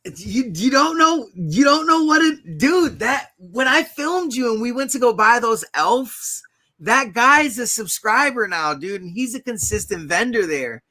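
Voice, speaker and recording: A man chatting casually as co-host of a live show, slangy and halting, full of "dude" and "bro". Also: very high voice, expressive, pushed and bright, dry recording. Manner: halting, lots of restarts. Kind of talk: casual chat.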